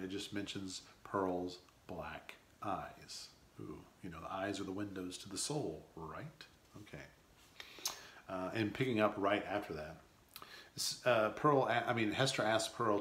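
A man's voice: sits low, moderate pace, a bit bright. A man teaching a novel, reading passages aloud and adding casual asides with many fillers. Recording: roomy echo.

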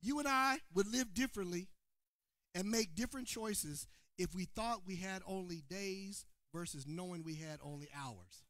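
A man preaching a sermon to his congregation, calling on people by name and swinging between shouted points and quiet asides. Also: sits high, moderate pace, no room sound, clean studio sound. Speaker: pastor. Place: church sanctuary before a congregation.

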